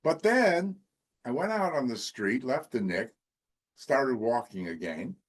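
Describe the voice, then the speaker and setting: A man's voice: medium pitch, very animated, unhurried. A man on a comedy panel telling a long anecdote in a chatty, storytelling way. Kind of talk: comic storytelling.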